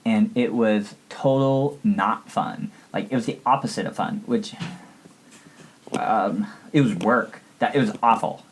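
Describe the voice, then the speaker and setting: A woman's voice: extremely low pitch, a little slow, a little hiss or hum, poor audio. A woman playing a ditzy valley-girl teen student who rambles bubbly through a comedic history report, full of "like". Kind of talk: comedic sketch lesson.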